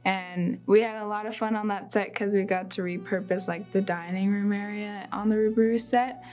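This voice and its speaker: A woman's voice: mid-range voice, steady tone, normal speed, a little mellow, faint music behind. Chatty young woman recalling a film shoot. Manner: chatty, many "like" fillers. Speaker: film crew member. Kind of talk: behind-the-scenes recollection.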